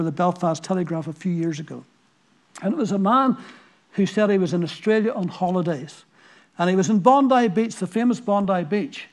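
A man's voice: high voice, darkish tone. A man with a Northern Irish accent preaching a sermon, telling stories and asking the listeners earnest rhetorical questions. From Northern Ireland.

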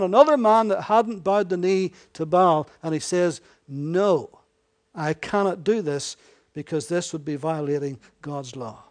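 A man preaching a sermon in a conversational way, often correcting himself and voicing scripture as dialogue. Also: sits high.

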